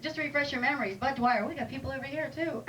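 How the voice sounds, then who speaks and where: A woman's voice: high-pitched, fast talker, fairly bright tone. A female stand-up comedian with a wry, self-deprecating delivery, heard on a distant mic in a noisy club.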